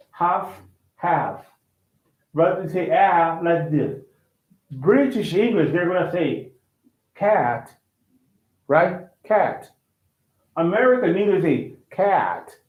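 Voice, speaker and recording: Teacher explaining English, tinny echo. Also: male voice, on the high side. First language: Portuguese. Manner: repeats words, asks "right?" often. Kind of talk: live online class. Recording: echoey, tinny phone-like sound.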